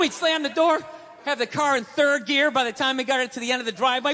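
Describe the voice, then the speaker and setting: A man doing a stand-up comedy set, animated and profane, acting out the voices in his stories. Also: extremely high pitch, fast talker, in a large hall, slight background noise.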